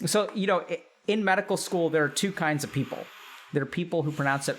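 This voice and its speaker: A man's voice: a little high, fast talker, a bit bright, slight background noise. A middle-aged man, a doctor, chatting casually on a live stream, thinking aloud and reading out chat with frequent restarts.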